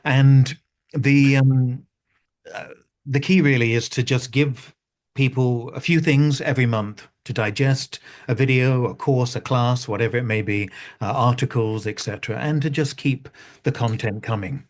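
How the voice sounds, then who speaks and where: Guy on a call, lots of ums, thinking out loud, mid voice. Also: medium pitch, unhurried. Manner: hesitant, many ums and restarts. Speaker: new magazine editor, astrology school head. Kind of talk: casual video-call chat.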